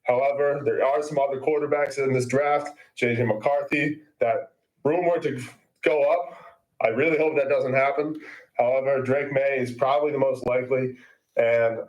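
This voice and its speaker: A man's voice: medium pitch, close to an everyday voice, poor audio. Man putting on a brash Boston sports fan. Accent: fake Boston. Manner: loud hammy swagger, catchphrases. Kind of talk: mock draft analysis bit.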